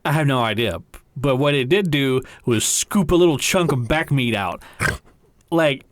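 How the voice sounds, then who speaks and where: Man, podcast co-host, relaxed storytelling, casual cursing, dry close mic. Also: medium pitch, moderate pace, dry recording. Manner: laid-back, swears freely, laughs at own stories.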